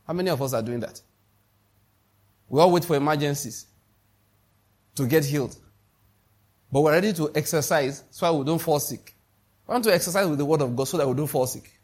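A man's voice: fairly high pitch, a little fast, pauses often, a little mellow. A middle-aged man with a Nigerian accent preaching a sermon, emphatic, repeating key phrases and checking that his listeners follow. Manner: emphatic, repeats lines, asks the congregation questions. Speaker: pastor.

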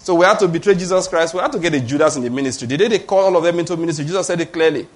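A middle-aged Nigerian-accented man preaching in a somewhat high voice. He talks to the congregation in an emphatic, conversational way, often stopping to check that they follow him. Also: rapid-fire. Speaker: pastor. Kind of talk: sermon.

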